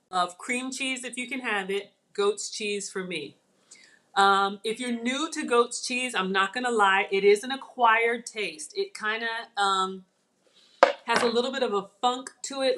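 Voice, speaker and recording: A woman's voice: mid-range voice, a bit bright. Lady hosting a live cooking stream, chatty, takes her time explaining each step. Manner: chatty, talks viewers through each step. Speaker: channel host. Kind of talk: live cooking demo chat.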